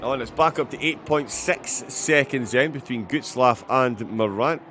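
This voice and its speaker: Brief: Scottish male race commentator, live and filler-heavy, excited by crashes, mid-range voice, slight background noise. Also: mid-range voice, normal speed. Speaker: sim racing commentator.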